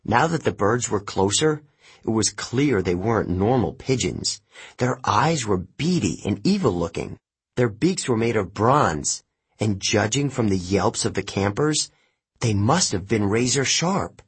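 A man reading a first-person adventure novel aloud, lively storytelling that jumps up for shouted lines. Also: lowish voice, measured pace, slightly rough. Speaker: audiobook narrator. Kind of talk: scripted narration of a novel.

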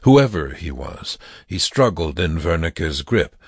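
A man reads a dark tale aloud in a grave, measured way. His voice is very low and unhurried, slightly husky, and sounds close and dry. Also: big pitch swings, no room sound. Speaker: narrator. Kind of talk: audiobook narration.

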